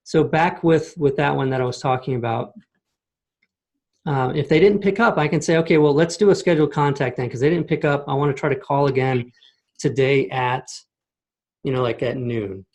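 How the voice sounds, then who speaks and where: Guy demoing software on a video call, mid pitch, chill and explainy, keeps saying okay? right?. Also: moderate pace. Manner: casual, explanatory, frequent "okay?" and "right?" check-ins. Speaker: software demo host. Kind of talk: screen-share product walkthrough. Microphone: computer mic on a video call.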